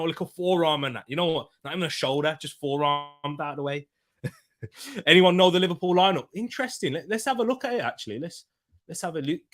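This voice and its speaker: A man's voice: fairly high pitch, fairly bright tone. A young man hosting a live football watchalong, chatting casually, bantering with viewers and laughing often. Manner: bantering, laughs often, reads chat comments aloud. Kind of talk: casual live-stream chat.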